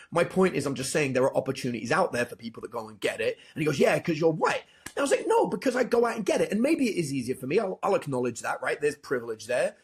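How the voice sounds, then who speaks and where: A man, a dating coach, telling animated stories as a podcast guest, acting out both sides of past conversations. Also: mid-range voice. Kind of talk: storytelling in a podcast interview.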